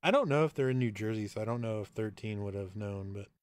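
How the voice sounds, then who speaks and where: A man co-hosting a casual live chat in a laid-back, wry tone. His voice is mid-pitched and dry, recorded close. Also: fast, no room sound.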